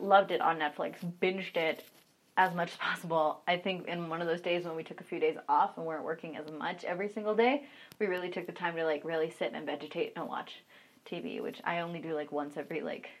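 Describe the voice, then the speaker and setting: A woman's voice: low-pitched, fairly even intonation, fairly quick. A young woman chats casually and frankly, telling stories about her work as an online content creator. Her talk is loose and full of fillers. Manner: chatty, frank, many fillers. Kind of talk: casual storytelling chat.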